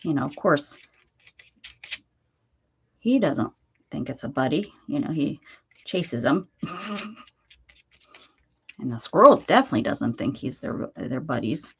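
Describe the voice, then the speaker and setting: A woman's voice: low voice, expressive, unhurried, long pauses, fairly bright tone, muffled recording, a little hiss or hum. A woman hosting a casual crafting livestream from home, chatty and laughing, who coos baby talk to her dog between crafting tips. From Pennsylvania, USA. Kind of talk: casual live-stream chat while crafting.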